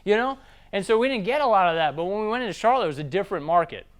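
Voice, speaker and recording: A Southern man with a high, smooth, resonant voice coaches a room on sales in a loose, casual way. He keeps slipping into quick voices to act out customers. He sounds like a young adult. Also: expressive. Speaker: sales trainer. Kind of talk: seminar talk on sales.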